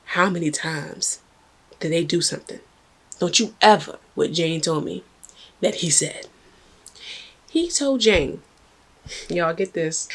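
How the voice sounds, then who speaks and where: Woman, lowish voice, animated casual storytelling straight to camera. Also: slow, husky. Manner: chatty, animated, addresses viewers directly.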